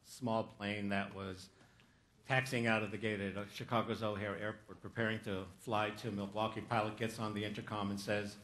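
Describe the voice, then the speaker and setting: A motivational speaker with a lowish, level voice that's a bit bright tells a humorous story during a stage keynote. Speaking at a moderate pace, he jokes along the way and acts out what people said.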